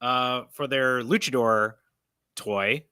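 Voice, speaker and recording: A man hosts a casual live stream from a comic book store, rambling, correcting himself, and laughing easily. His voice is bright and crisp with a slight froggy edge. The sound is close and dry. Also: medium pitch, slow, no room sound. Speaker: host.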